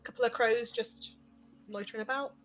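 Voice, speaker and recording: Woman, game master narration, hesitant fillers, higher voice, muffled lo-fi audio. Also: a little fast. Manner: relaxed, hesitant with many fillers. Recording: dull lo-fi stream audio with faint music.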